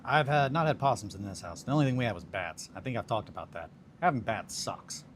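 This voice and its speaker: A man's voice: mid-range voice, animated, fast. A man in his thirties hosting a hobby stream, chatting casually in a rambling, self-deprecating way while he works on miniatures. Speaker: hobby livestream host. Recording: noticeable background noise.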